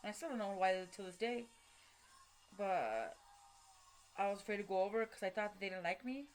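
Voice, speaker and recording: A vlogger with a medium-pitched, lively voice tells a personal story haltingly, full of fillers and restarts. She's blunt and swears casually, with faint music playing underneath.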